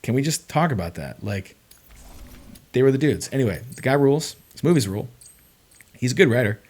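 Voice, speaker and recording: A young man chatting casually on a livestream, rambling and excitable, with lots of filler words. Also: medium pitch, a little fast. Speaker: streamer.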